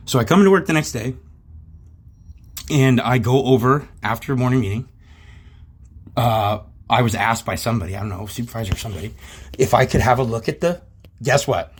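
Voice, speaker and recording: A man's voice: medium pitch, husky. A man telling a workplace story in a rambling, profane and indignant way, talking straight to his listeners. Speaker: channel host recounting a workplace incident. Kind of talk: casual storytelling to camera.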